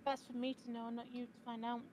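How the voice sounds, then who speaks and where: A woman with a Yorkshire accent answers in dry, guarded snippets during in-character role-play chat. Her voice is fairly high, with faint noise in the background. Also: level tone, fast. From Yorkshire, England.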